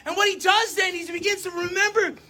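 High, bright-voiced emphatic preacher. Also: steady tone, a little fast. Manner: emphatic, swings between loud and soft; addresses the audience directly, self-correcting. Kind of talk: sermon.

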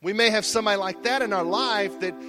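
High-voiced preacher man with animated delivery. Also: fast talker, music in the background. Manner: animated storytelling, acting out voices, swings between hushed and loud. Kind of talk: sermon.

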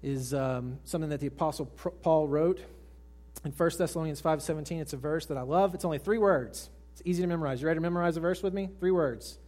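Higher-voiced man preaching a sermon. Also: fast talker. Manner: swings from raised emphatic lines to hushed soft ones; asks the congregation direct questions. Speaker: pastor. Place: church service with congregation.

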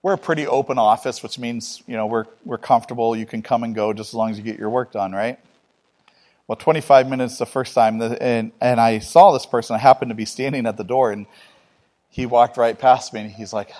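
A male preacher delivering a sermon in a plain, mid-pitched voice. He talks to the congregation in an earnest, conversational way and builds his points from everyday stories. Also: steady tone, a little fast, a little mellow. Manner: conversational, earnest, with personal anecdotes.

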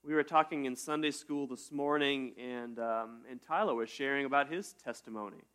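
Bright-voiced male pastor preaching casually. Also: mid-range voice, moderate pace, clear, resonant tone. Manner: conversational, animated preaching with rhetorical questions. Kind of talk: sermon.

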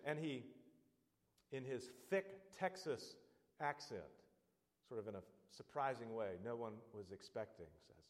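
A man preaching a sermon, earnest and building to loud, emphatic exhortation. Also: mid-range voice, unhurried, in a large hall.

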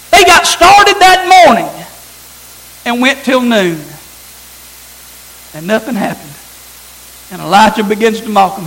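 A man's voice: very high-pitched, animated, moderate pace, long pauses, a bit bright, poor audio. A man preaching a sermon, reading scripture aloud and repeating phrases for emphasis.

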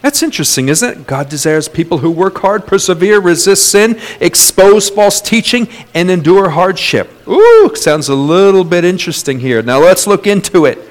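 A man preaching a sermon as pastor, lively, with call-outs and sudden jumps in pitch. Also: normal speed, hardly any pauses.

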